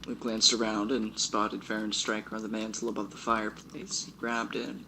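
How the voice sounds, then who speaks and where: A man reads his own novel aloud on a stream, his voice slightly gravelly and grainy. He chuckles at his own lines and stops to comment on them. A constant hiss of background noise runs behind him. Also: lowish voice, flat delivery, moderate pace, sharp tone, low-quality recording.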